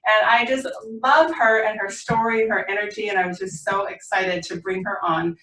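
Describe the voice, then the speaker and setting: A woman's voice: mid-range voice, steady tone, moderate pace, pushed and bright, reverberant, far from the mic, low-quality recording. A woman hosting a podcast interview, gushing and enthusiastic as she introduces and questions her guest. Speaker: podcast host.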